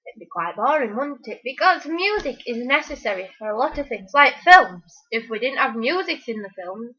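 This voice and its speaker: A woman's voice: fairly high pitch, big pitch swings, normal speed, bright, forceful tone, breathy edge. A teenage girl chatting casually and giving rambling, opinionated answers full of fillers. The recording is a dull, lo-fi home recording. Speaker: interviewee. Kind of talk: casual chat.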